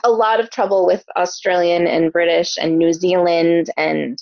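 A woman's voice: lowish voice, fairly even intonation, normal speed, a little mellow, dry recording. Chatty Midwestern woman, dry dull mic. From Omaha, Nebraska. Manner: chatty, many ums and filler words. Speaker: podcast co-host. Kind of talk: casual book discussion chat.

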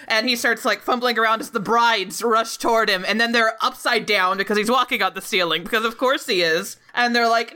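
A woman's voice: a little high, normal speed, few pauses, pushed and bright. A woman co-hosting a casual movie recap podcast, retelling scenes dramatically and acting out the characters' lines. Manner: dramatic, acts out the scenes she describes. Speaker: podcast co-host.

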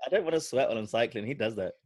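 A man's voice: mid-range voice, expressive, rapid-fire, darkish tone, breathy edge, no room sound. A man co-hosting a podcast, trading teasing banter in casual chat. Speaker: podcast co-host.

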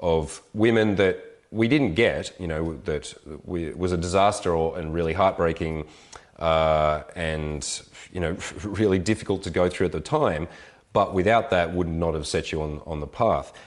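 A man's voice: low voice, normal speed. A man hosting an interview, asking thoughtful, probing questions. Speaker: podcast host. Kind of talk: interview conversation.

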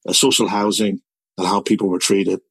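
A man's voice: sits low, flat delivery, brisk, creaky, a bit bright, slightly rough, dry recording, low-quality recording. A man in his sixties with a Northern Irish accent, telling a long personal story as a guest, rambling and repeating words. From Belfast, Northern Ireland. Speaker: interviewee. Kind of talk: storytelling conversation.

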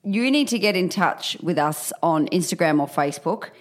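A middle-aged woman with a fairly low voice trades blunt, cheeky stories with a friend. She talks in a loose, unscripted podcast way and swears freely. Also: animated, normal speed. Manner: frank, bawdy storytelling with swearing and laughs. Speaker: podcast co-host. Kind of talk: casual chat.

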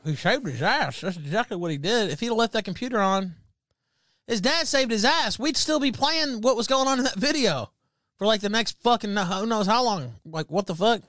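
Stream host, male, sardonic and profane, higher voice on a close, dry mic. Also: animated, moderate pace, fairly bright tone, no echo. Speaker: stream host reacting to clips. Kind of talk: crude live-stream commentary.

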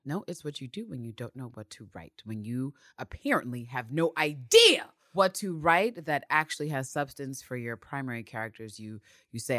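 A woman co-hosting a recap podcast, talking in a sassy, profane rant. Her low voice swings widely in pitch and has a bright edge. She is recorded close and dry. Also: moderate pace, few pauses, no room sound. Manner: sassy, profane, animated ranting. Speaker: podcast co-host. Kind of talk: TV recap podcast, casual chat.

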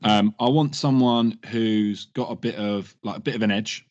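A man's voice: on the low side, moderate pace, darkish tone. Laid-back man hosting a podcast. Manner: laid-back, rambling with fillers. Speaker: podcast host. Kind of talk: casual podcast chat. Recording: dull lo-fi sound.

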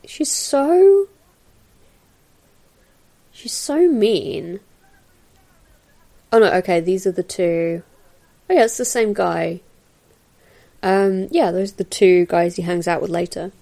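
A woman's voice: medium pitch, animated, slow pace, creaky, pauses often, mellow. A woman hosting a casual film commentary, chatting in a meandering way with lots of fillers and little laughs. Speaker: podcast host doing a film commentary. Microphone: new podcast mic.

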